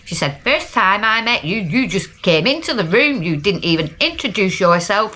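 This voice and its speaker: A woman's voice: mid-range voice, big pitch swings, moderate pace, hardly any pauses, pushed and bright. A middle-aged woman from Lancashire with a Lancashire accent, talking casually and rambling in a down-to-earth video diary. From Lancashire, England. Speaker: vlogger.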